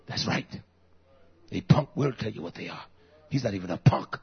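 A man in his fifties preaching a fiery sermon, dropping to low growls and rising to shouts. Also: lively intonation, a little fast, husky, dull audio. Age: 50s.

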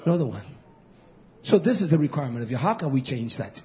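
A male pastor delivering a sermon in an emphatic, repetitive cadence, swinging between shouting and hushed near-whispers. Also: medium pitch, sing-song, fast. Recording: dull lo-fi recording.

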